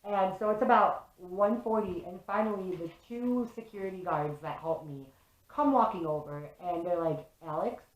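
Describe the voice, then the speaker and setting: Talking at a normal speed, a young woman tells a story directly to her camera, lively and unfiltered, with frequent swearing and plenty of "like." Her voice runs a bit low for a woman, and echo fills the room she's recording in.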